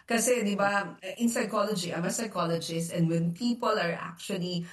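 Woman co-host and psychologist, animated chatty delivery with playful mock dialogue, roomy echo, mic set back. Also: normal speed. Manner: lively, jumps into mock dialogue with sharp pitch rises, laughs often. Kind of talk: casual Taglish faith talk show chat. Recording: echoey room, voice from a distance.

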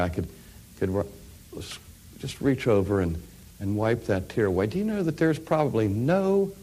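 A middle-aged male preacher with a somewhat low voice. He tells stories from the pulpit, dropping to near-whispers and then building to loud, ringing peaks. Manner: storytelling, dynamic swings from hushed to loud. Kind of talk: sermon.

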